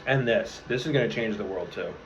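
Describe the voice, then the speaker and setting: A man's voice: lowish voice, fairly quick, slight background noise. Earnest swearing young man, lo-fi. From New York area. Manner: earnest, rambling, swears freely, restarts often. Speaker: vlogger. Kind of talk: casual motivational talk to camera. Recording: slightly dull lo-fi audio with faint room ambience.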